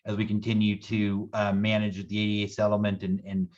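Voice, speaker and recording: A man presenting a city budget at a public meeting, talking rapidly with many repeated words and restarts. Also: lowish voice, monotone, darkish tone, muffled recording, a little hiss or hum.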